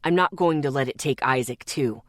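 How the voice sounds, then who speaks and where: A woman voicing a gruff, traumatized young man who growls and bites out his words in an audiobook. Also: extremely low pitch, fairly quick, dry recording, clean studio sound, voice pushed down. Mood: bitter growl. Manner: growling, clipped.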